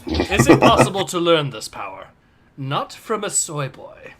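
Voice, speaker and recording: A man's voice: a little high, sing-song, unhurried. A man hosting a casual livestream, upbeat, reading chat aloud and laughing often. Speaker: livestream host.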